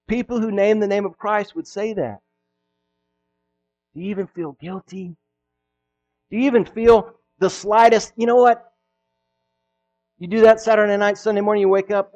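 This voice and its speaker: A pastor preaching a sermon, acting out quoted voices and swinging between loud exclamations and hushed asides. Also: male voice, high voice, animated, normal speed, soft background music, poor audio.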